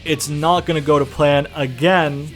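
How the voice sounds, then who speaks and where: A man's voice: on the high side, fairly even intonation, unhurried, soft background music. A man giving loose, profane let's-play commentary, calling listeners brother and bruh. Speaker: gaming commentator.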